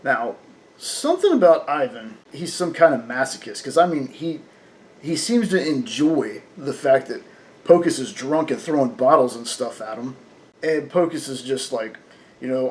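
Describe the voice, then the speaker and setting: A man's voice: medium pitch, expressive, a little slow. A man reviewing a comic book in casual talk, chatty and full of fillers, often laughing.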